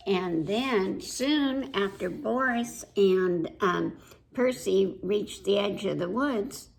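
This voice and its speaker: A woman librarian reading a picture book aloud at children's story time, pausing to ask the young listeners questions. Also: medium pitch, animated, vocal fry, low-quality recording.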